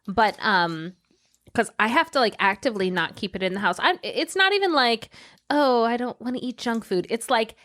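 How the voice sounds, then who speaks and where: Animated giggly woman podcast host. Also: a little high, moderate pace. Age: 40s. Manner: animated, giggly, talks to listeners. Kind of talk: casual chat.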